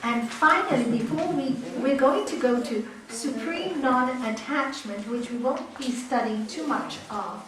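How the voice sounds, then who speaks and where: A middle-aged woman with a somewhat high voice teaches a yoga class. She is animated and repeats key words to drive points home. The room is very echoey, and she sounds far from the mic. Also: measured pace, few pauses, crowd noise.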